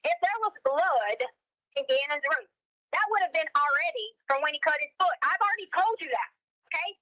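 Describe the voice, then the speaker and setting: A woman in a heated phone argument, answering curtly and defensively and complaining that she is being yelled at. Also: high-pitched, expressive, fairly quick, no room sound, rough recording.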